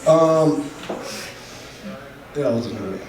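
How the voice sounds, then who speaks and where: A man doing a stand-up comedy set on a club stage, deadpan, slowing down for his punchlines. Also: medium pitch, a crowd in the background. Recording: echoey room from a distant mic, faint ambience.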